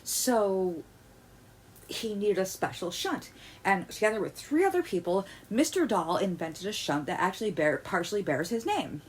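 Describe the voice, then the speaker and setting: A woman's voice: mid-range voice, moderate pace, a little hiss or hum. Heated ranting woman vlogger. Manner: animated and heated, stammering restarts, swings from loud outbursts to quiet muttering. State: agitated. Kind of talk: ranting commentary.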